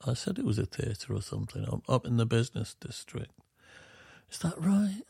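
A man's voice: mid-range voice, sing-song, moderate pace, creaky, mellow, breathy edge, no room sound, clean studio sound. A middle-aged man with a Yorkshire accent, co-hosting a podcast and telling rambling, self-deprecating stories. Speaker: podcast co-host. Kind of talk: casual chat.

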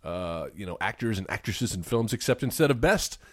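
A man in his forties co-hosting a casual podcast, with a lively voice that swings up and down. He jokes and laughs often. The recording is dry and close. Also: lowish voice, fairly quick, no echo. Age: 40s. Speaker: podcast co-host.

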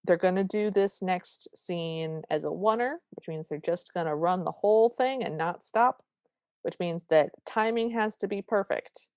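Lower-voiced woman recapping a movie. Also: normal speed, no room sound, studio quality. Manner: animated retelling with quoted lines. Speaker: podcast co-host. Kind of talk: casual movie recap chat.

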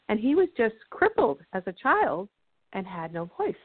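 A woman's voice: medium pitch, big pitch swings, moderate pace, no echo. A woman guest speaker explaining ideas earnestly and telling a story in a teaching manner. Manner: earnest, teaching, acts out quotes. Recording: tinny dry phone line.

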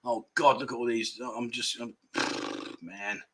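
A man's voice: mid-range voice, fairly even intonation, a little slow, fairly bright tone, slight background noise. A man from England hosting a casual livestream, rambling through self-deprecating banter and reading out viewer comments. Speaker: livestream host.

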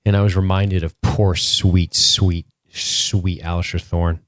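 A jokey man co-hosting a casual TV recap chat, tossing in quick asides and laughing. His voice runs fairly low. The recording is dry and close. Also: level tone, a bit bright, dry recording. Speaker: podcast co-host.

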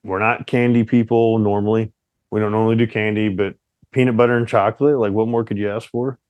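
A man's voice: lowish voice, fairly quick, dry recording, highs cut off. Playful young man co-hosting a chat. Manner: playful, teasing, animated storyteller. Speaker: podcast co-host. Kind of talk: casual couple's chat.

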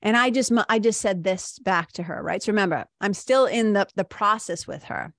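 A middle-aged woman hosts a podcast, talking casually and with animated enthusiasm, full of "like" and "right?" asides. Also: medium pitch, normal speed, no room sound, studio quality. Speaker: podcast host. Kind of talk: casual monologue, retelling a coaching session.

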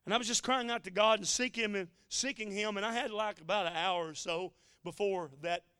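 A man's voice: high-pitched, steady tone, fairly quick, sharp tone, smooth, no echo, clean studio sound. A man preaching a sermon, telling a story in a folksy, emotional way with joking asides. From United States.

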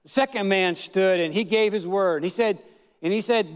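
A male pastor delivers a sermon in a high, smooth, resonant voice. He tells his story with halting fillers, then stretches and shouts key words for emphasis. His voice rings out with the long reverb of a big church hall.

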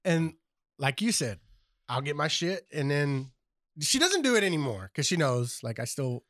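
A man's voice: a little high, very animated, moderate pace, fairly bright tone, dry recording, studio quality. Chatty man co-host, rambling. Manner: chatty, rambling, apologetic interjections. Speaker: podcast co-host. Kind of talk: casual profane chat.

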